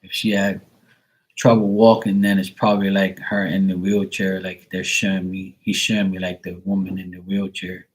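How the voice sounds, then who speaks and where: Low husky man giving a rambling reading. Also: little pitch movement, normal speed, rough recording. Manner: rambling, filler-heavy, casual swearing. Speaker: psychic reader. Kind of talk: live psychic reading.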